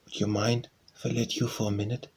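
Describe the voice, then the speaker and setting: A man's voice: lowish voice, level tone, a little fast, a little mellow, breathy edge. A man reading a polite, lonely teen boy.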